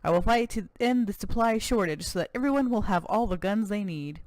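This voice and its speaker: A let's-play narrator voicing a brash, folksy male cowboy governor who drawls and boasts loudly. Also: medium pitch, expressive, fairly quick, no echo, pitched above the performer's own voice, lightly acted.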